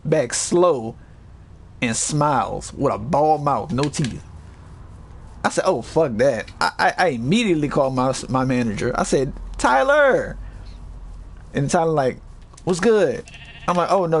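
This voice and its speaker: A man casually telling a story to his chat, animated and swearing, acting out other people's voices with high yells.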